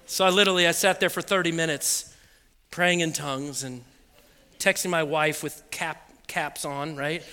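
A lively, high-pitched male preacher tells a comic story from the pulpit, acting out voices and sound effects as he laughs along. His voice is very bright and sharp, and it rings out through a large hall with a long reverb. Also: moderate pace, clear, resonant tone. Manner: animated storytelling, acts out voices and beeps, laughs often. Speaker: pastor. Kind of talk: sermon with a comic personal story.

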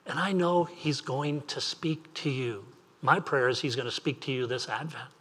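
A man's voice: mid-range voice, moderate pace, fairly bright tone, breathy edge. A man preaching an earnest sermon as pastor, repeating phrases and asking rising questions.

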